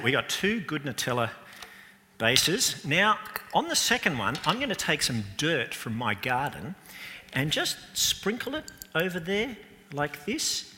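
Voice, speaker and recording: Animated man in an echoey hall. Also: fairly high pitch, a little hiss or hum. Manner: animated, chatty, jokey, asks the audience questions. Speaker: children's talk presenter at church. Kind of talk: playful children's talk.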